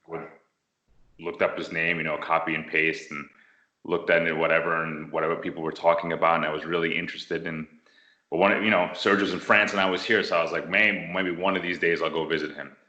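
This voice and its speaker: A man from the United States tells his story in a relaxed interview, lively and acting out the voices of the people in it. His voice sits a bit low but sounds bright and forceful. The room around him is roomy and echoey. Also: fairly quick, lo-fi sound. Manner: animated storyteller, acts out quotes. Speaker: interviewee, martial arts practitioner. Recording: roomy echo.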